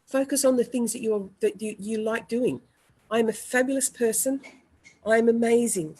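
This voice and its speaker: A woman, an EFT practitioner, leading a guided group tapping session with slow, repeated affirmations and coaching participants by name. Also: fairly high pitch, mellow, slightly rough.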